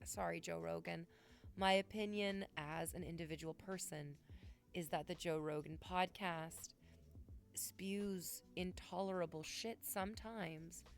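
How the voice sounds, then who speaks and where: A woman's voice: fairly low pitch, gravelly. A woman in her thirties, a streamer in casual chat, talking bluntly and profanely in a rambling way. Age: 30s.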